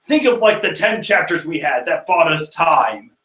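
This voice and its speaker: A man plays a rude, gruff hero who snaps out orders and sarcastic asides. The voice is bright and forceful, and the room is echoey. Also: a little high, lively intonation, normal speed. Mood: brusque.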